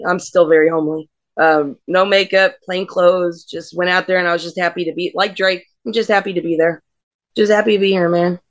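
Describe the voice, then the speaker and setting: A woman's voice: lowish voice, dry recording, dull audio. A middle-aged woman, a wrestler, telling blunt, brash stories in a casual interview and laughing through them. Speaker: wrestler, guest.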